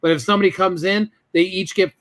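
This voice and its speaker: A man's voice: high-pitched, steady tone, fast talker, fairly bright tone. A man telling a business story as a guest in an interview, acting out both sides of the conversations.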